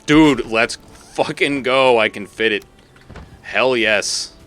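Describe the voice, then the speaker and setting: A man's voice: medium pitch, slow pace, a bit bright. A man from Massachusetts chatting casually on a live stream while gaming, rambling, laughing and swearing freely.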